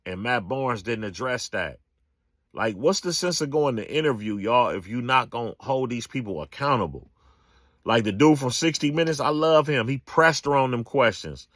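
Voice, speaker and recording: A man's voice: medium pitch, expressive, normal speed, a bit bright, dry recording, studio quality. A man, giving a casual, emphatic political rant full of slang and repetition. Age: 40s. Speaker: political commentator.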